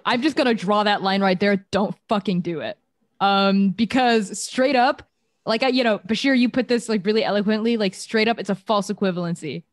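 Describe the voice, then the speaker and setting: A woman's voice: medium pitch, a little fast, no echo, clean studio sound. A young adult woman speaking on a panel discussion, emphatic and casual, filling her talk with "like". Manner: emphatic, casual, heavy use of filler words.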